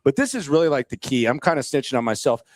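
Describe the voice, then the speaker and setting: A man's voice: medium pitch, expressive, fast talker, dry recording. A man co-hosting a casual sports talk show, joking, teasing and laughing often. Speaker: co-host. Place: live show at a restaurant.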